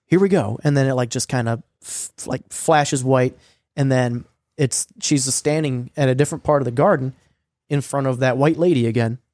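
A young man telling a story in casual chat, swearing a lot and filling his talk with "like" and "um," sometimes acting out quoted lines in a higher voice. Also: steady tone, normal speed, darkish tone, no echo, clean studio sound. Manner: profane, rambling storytelling with many fillers; acts out quoted lines with a raised voice. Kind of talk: casual recap of a streamed game.

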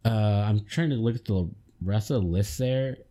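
A man with a low, mellow voice chats loosely on a podcast. He swears freely and laughs often as he talks. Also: moderate pace. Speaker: podcast co-host. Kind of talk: casual chat.

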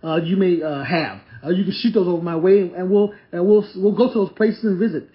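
A man's voice: sits high, steady tone, a little fast. A man hosting a podcast, reviewing a restaurant in a casual, enthusiastic monologue full of repeats and stumbling restarts. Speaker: podcast host. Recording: slightly dull lo-fi audio.

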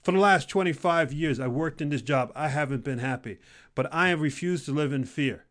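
A career motivational speaker delivers an intense, fairly quick talk. He repeats phrases for emphasis and swings between loud urging and quiet, low-intensity moments.

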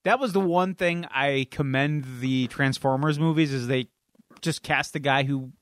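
Chatty joking podcast co-host. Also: male voice, medium pitch, steady tone, moderate pace, clean tone, no room sound. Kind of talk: casual chat.

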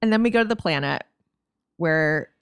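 A woman's voice: sits low, animated, moderate pace, clean tone. A woman co-hosting a podcast, recapping a TV episode in casual, wry chat. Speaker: podcast co-host.

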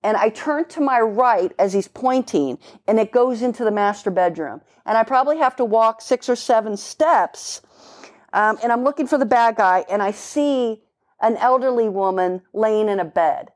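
A woman's voice: a little high, normal speed. A middle-aged woman, a police officer, telling a story in an easy conversational way. She talks bluntly and emphatically, throws in casual swearing, and paints each moment vividly.

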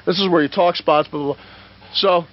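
A man telling stories from his wrestling days in a profane, animated shoot interview, acting out the moves as he talks. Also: high-pitched, fairly quick, highs cut off. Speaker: retired pro wrestler interviewed.

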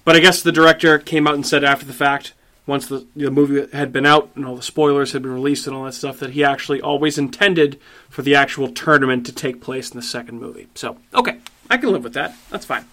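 A man's voice: medium pitch, fast talker. A man co-hosting a casual movie review chat, emphatic and swearing freely as he tells it. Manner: profane, emphatic, animated storytelling. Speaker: podcast co-host.

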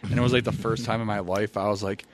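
A young man chatting casually on a podcast, swearing freely, who tells rowdy stories and acts out quotes louder. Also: fairly low pitch, fairly even intonation, fast, a little hiss or hum. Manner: laid-back, profane, acts out quotes loudly. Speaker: former pro wrestler, guest. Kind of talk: casual podcast chat, storytelling. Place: studio. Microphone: studio mic.

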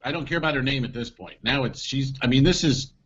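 A man in casual chat, telling an animated story, repeating lines for emphasis and swearing freely. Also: mid-range voice, fast, a crowd in the background. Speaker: podcast co-host telling a story. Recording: slightly dull, lo-fi sound.

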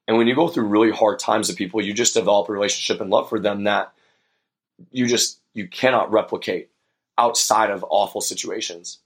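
A man's voice: fairly low pitch, steady tone, brisk, slightly rough. A young man hosting a podcast, telling a personal story in an earnest, reflective way with many fillers. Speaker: podcast host.

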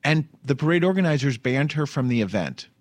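A man's voice: medium pitch, expressive, brisk, no room sound. A man, hosting a comedic news podcast in a chatty, wry way and laughing as he talks. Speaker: podcast host. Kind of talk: casual comedic news chat.

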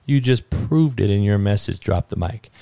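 A podcast host ranting about sports and the news, swearing heavily and swinging from low muttering to loud outbursts. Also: male voice, expressive, moderate pace, vocal fry, no room sound. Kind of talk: profane sports and news rant.

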